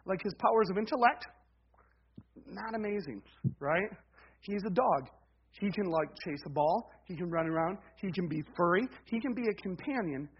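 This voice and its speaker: A man with a very high voice preaches a sermon in a loose, conversational way, tossing in "right?" as he goes. He builds repeated refrains with real emphasis. The recording sounds a little dull and lo-fi. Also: expressive, normal speed, husky. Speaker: pastor.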